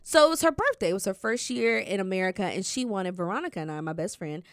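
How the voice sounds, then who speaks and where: A woman hosting a faith talk show, telling a personal story in an animated way. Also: medium pitch, fast, no room sound, studio quality. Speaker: host.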